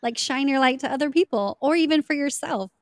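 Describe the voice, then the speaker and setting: A woman's voice: high-pitched, expressive, fairly quick, dry recording, clean studio sound. A woman hosting a podcast interview, chatting casually and peppering her speech with "like". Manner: chatty, filler-heavy, often says "like". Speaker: podcast host.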